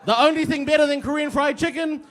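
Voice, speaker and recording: A man's voice: extremely high pitch, quick pace, a bit bright. Brash young man doing crude stand-up. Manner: crude, self-mocking, brash punchlines. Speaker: stand-up comedian. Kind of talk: stand-up set. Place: pub stage with audience.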